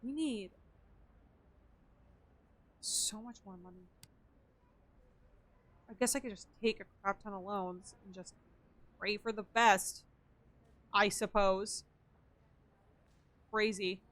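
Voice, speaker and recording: Speaking slowly with long pauses, this young woman has a mid-range, slightly bright voice and no room sound behind her. She's streaming a game, chatting easily to her audience while muttering counts and items as she goes.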